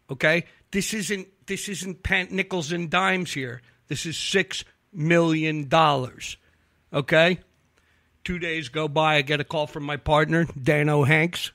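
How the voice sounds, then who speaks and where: Guy telling a wild crime story on a talk show, kinda high voice, dry close mic, swears a lot and acts out quotes. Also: no room sound. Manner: animated, profane storyteller acting out quotes. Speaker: investigative reporter guest.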